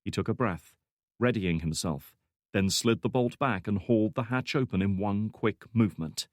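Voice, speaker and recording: This is scripted narration of a thriller audiobook by a man whose voice is fairly low. He keeps a steady, measured storyteller's pace, captured in clean studio sound with no room ambience.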